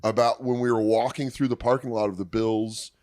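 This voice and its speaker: A man guesting on a podcast, telling stories in an animated, swearing way. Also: on the low side, a little fast. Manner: animated storyteller, swears a lot. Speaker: comedian guest. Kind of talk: casual chat, storytelling.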